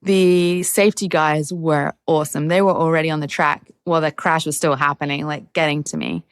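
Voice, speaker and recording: A woman's voice: deep voice, lively intonation, a little fast, clear, resonant tone, no echo, studio quality. A middle-aged English woman, a racing driver, candidly telling stories in a podcast interview and laughing often. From England.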